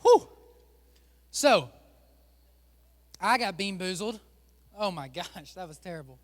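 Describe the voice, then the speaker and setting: High-voiced joking pastor, a man. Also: expressive, takes it slowly, in a large hall, a little hiss or hum. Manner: joking, chatty, teasing the volunteers. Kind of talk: playful sermon with a stage game. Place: church stage.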